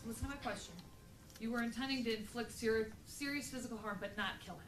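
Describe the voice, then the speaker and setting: Firm, fast-talking woman judge questioning. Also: a little high, faint music behind. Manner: firm, direct, steering questions. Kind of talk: courtroom questioning. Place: courtroom.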